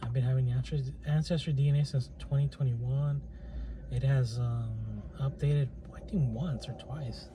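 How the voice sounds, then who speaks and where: A man's voice: medium pitch, steady tone, normal speed. A man talking to camera in a casual rambling monologue, hesitant, with many restarts and fillers. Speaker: channel host. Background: faint plane and traffic noise.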